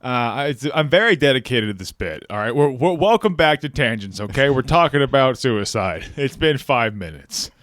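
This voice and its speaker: A man's voice: medium pitch, animated, a bit bright, no echo. Jokey man hosting a podcast. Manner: jokey, rambling, quick. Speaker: podcast host. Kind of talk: casual chat.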